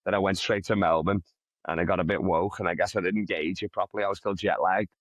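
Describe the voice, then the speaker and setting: Fast-talking, profane male comedian. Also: deep voice, no room sound. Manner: profane, rambling, animated anecdote. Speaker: comedian guest. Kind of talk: casual storytelling.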